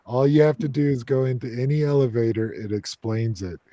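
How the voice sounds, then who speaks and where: Host type: American man, easygoing banter, mellow tone, dry close sound. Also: mid-range voice, fairly quick, dry recording. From United States. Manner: playful, teasing banter. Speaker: paranormal investigator and host. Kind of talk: casual group chat.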